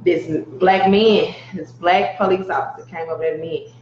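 A woman's voice: on the low side, steady tone, fairly quick. A woman, telling her story on a casual podcast and acting out the voices of the people she quotes. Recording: roomy, dull lo-fi sound with faint noise.

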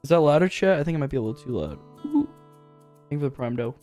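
A young man streaming a video game live, reading the on-screen text aloud and breaking into excited, high exclamations. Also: quick pace, faint music behind.

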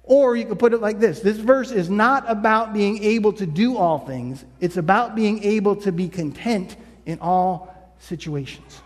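A man delivers a sermon with a high voice in a lingering, echoing church hall. He preaches conversationally and acts out short quoted lines along the way. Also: moderate pace. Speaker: pastor. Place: church sanctuary.

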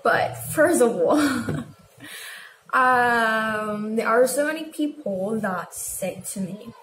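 A woman's voice: fairly high pitch, extremely slow, a bit bright, slight background noise. A teenage girl with a non-native English accent aiming for British, chatty and giggly as she teaches pronunciation in a casual video lesson. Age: teens. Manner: giggly, chatty, reads word lists aloud. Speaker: student making a lesson video. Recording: echoey room with faint ambience.

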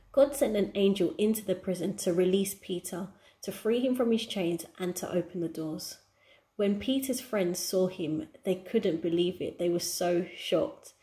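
Gentle, mellow-voiced woman teacher. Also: on the low side. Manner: gentle, encouraging explanation. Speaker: children's church teacher. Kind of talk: children's lesson.

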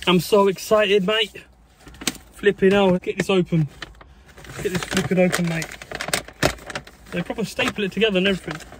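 A young man, chatting excitably in a casual food review vlog and dropping mild swears and "mate". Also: sits high, fairly quick, pauses often, background noise. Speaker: food vlogger.

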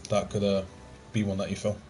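His delivery is completely flat, brisk and a little mellow, with a fairly low pitch. The young man is gaming with friends online in casual chat, often joking, swearing and sighing, recorded on a gaming headset amid noisy game capture.

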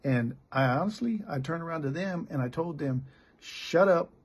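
Very raspy, gravelly middle-aged American pastor. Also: male voice, fairly high pitch, lively intonation, a little fast. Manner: blunt, plain-spoken, frequent restarts. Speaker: pastor and missionary. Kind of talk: candid sermon.

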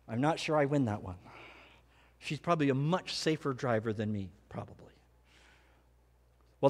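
A middle-aged man preaching a sermon, telling personal stories with animated, self-mocking humor. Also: medium pitch. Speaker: pastor. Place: church hall. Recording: hall reverb.

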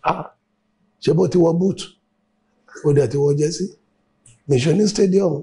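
A man's voice: on the high side, moderate pace, dark tone, lightly acted. An actor playing a stern father who scolds his grown daughter with emphatic, insistent warnings in a film drama. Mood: scolding. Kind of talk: Nollywood film acting.

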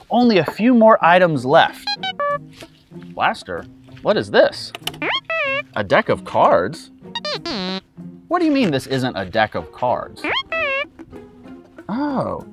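A man hosting a children's educational show, talking to young viewers in an excited, exaggerated way. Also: medium pitch, unhurried, pauses often, over music. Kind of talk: upbeat kids' educational presenting.

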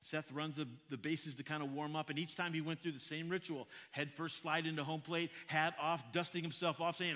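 A male pastor telling a story in a sermon, animated and often repeating his first words. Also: fairly high pitch, normal speed. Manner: animated, repeats words when starting sentences. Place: church. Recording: echoey church hall.

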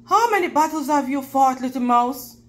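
A woman's voice: high-pitched, expressive, moderate pace. A woman doing a lazy lordly lion king. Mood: amused. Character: big lazy amused male lion king.

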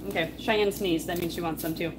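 A chatty, excitable woman co-hosting a casual chat while opening fan mail. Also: lowish voice, brisk, reverberant, far from the mic, noisy background. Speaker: co-host.

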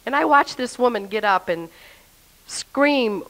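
A woman's voice: on the high side, expressive, unhurried, a bit bright, rough recording. A woman telling her personal faith testimony in an earnest, emotional way, speaking straight to the listener.

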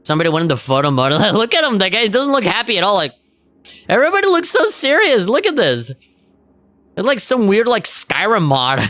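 A man's voice: high voice, fairly bright tone, no room sound. A man streaming a game, reacting with jokes, laughs and swearing in casual commentary.

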